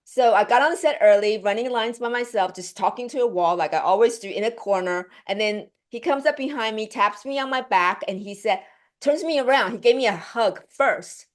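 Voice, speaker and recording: A woman actress telling a story in a casual interview, chatty and animated, acting out quoted lines and laughing often. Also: a little high, a little fast. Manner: chatty, many fillers and restarts.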